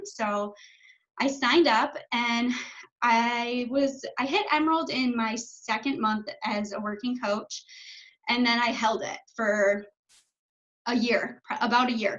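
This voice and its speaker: A woman's voice: fairly high pitch, a bit bright, muffled recording. A woman in her twenties, a coach, talking casually and chattily on a video call, filling her speech with "like" and swearing when she gets passionate.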